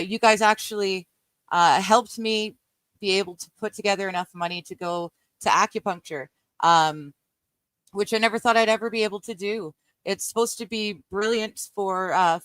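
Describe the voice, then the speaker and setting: A woman's voice: mid-range voice, fairly bright tone, no room sound. Chatty, laughing woman streamer, dry close mic. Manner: chatty and rambling, laughs often, many ums. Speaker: live-stream host reading a book aloud. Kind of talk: casual live-stream chat with viewers.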